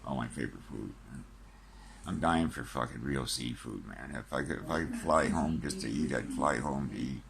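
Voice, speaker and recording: A man's voice: rumbling low, moderate pace, gravelly, a crowd in the background. An older man, short of breath, talking casually to camera and joking wryly about dying. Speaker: vlogger.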